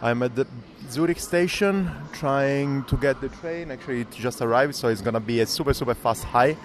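A man's voice: medium pitch, moderate pace. Rambling man vlogging on a noisy train. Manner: rambling, self-talk. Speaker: cycling vlogger. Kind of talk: casual travel vlog. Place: train and station.

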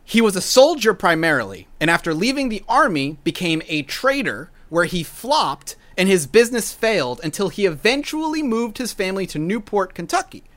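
Sarcastic, animated podcast storyteller. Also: medium pitch, normal speed, hardly any pauses. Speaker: podcast host. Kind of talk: casual storytelling podcast chat.

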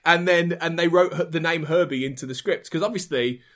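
A man's voice: fairly high pitch, fairly quick, fairly bright tone. A man, a podcast guest, eagerly sharing film trivia in casual chat with stumbling restarts. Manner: enthusiastic, stumbling restarts when explaining.

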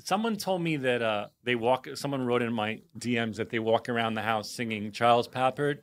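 A man from New Jersey co-hosting a podcast in casual chat, animated and quick to laugh as he acts out quotes. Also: mid-range voice. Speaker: podcast co-host.

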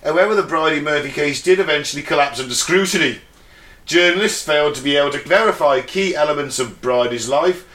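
A man's voice: fairly high pitch, fairly quick, fairly bright tone. English man co-hosting, echoey room. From England. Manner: laughs often, reads notes then riffs. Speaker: podcast co-host. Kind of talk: casual chat, reading out a case.

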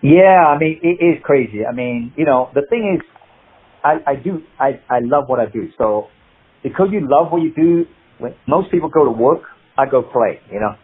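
A man's voice: mid-range voice, normal speed. Older man telling stories down a tinny line. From United Kingdom. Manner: animated, quotes people in dialogue, laughs at his own stories. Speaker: guest, martial artist and actor. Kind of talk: anecdotal storytelling in an interview. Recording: husky voice over a tinny phone-like line.

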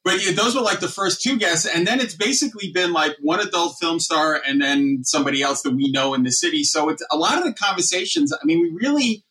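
A man's voice: a little high, animated, a little fast, hardly any pauses, sharp tone, distant mic. A middle-aged man co-hosting a podcast, chatting casually and rambling enthusiastically. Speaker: podcast co-host.

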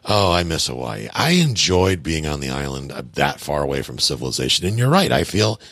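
A man with a very deep, gravelly voice hosting a podcast in a laid-back, chuckling way. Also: very animated, brisk, a bit bright, no room sound, clean studio sound. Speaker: podcast host. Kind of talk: casual podcast chat.

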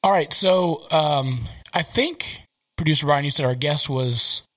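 A man's voice: on the high side, measured pace, a bit bright. A man from the South hosting a podcast from his home office, rambling casually with lots of fillers. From American South. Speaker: podcast host. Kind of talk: casual chat.

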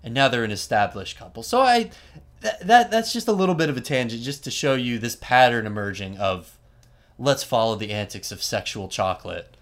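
A man host casually retelling a story, animated and chatty, with frequent asides and fillers. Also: medium pitch, fairly quick.

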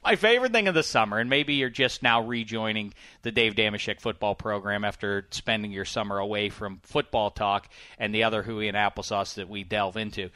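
A bright, forceful male voice hosts a casual football talk show, joking and ribbing his co-hosts. His voice swings up loud when he gets worked up. The studio sound is dry and close. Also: fairly low pitch, little pitch movement, moderate pace, no echo. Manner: boisterous, jokey, swings loud. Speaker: podcast host.

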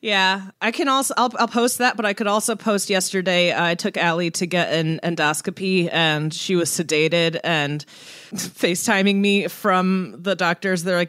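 Low-voiced chatty woman, dry sound. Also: steady tone, moderate pace, fairly bright tone, no echo. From Iranian family, speaks Farsi. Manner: chatty storyteller, laughs often. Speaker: podcast co-host. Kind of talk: casual chat.

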